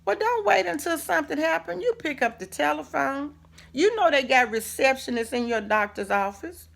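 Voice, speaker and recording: A woman's voice: sits high, animated, moderate pace, gravelly, fairly bright tone. Folksy woman giving a pep talk. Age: middle-aged. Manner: folksy, preacherly, with asides and rhetorical questions. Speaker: host. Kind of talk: casual motivational talk to camera.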